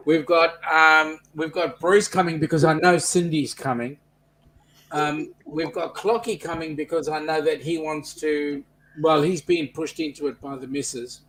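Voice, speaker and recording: A man's voice: a little high, a little hiss or hum, low-quality recording. An Australian man chatting breezily and chummily in a casual group video chat.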